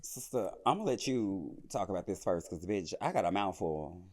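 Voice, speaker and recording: A podcast guest talking bluntly and playfully in casual chat. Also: normal speed. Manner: blunt, playful, bursts of animated pitch.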